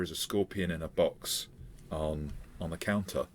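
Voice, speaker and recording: A man running a tabletop game as game master, narrating in a halting way with frequent fillers. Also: very deep voice, a little hiss or hum. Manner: halting, with many fillers and restarts.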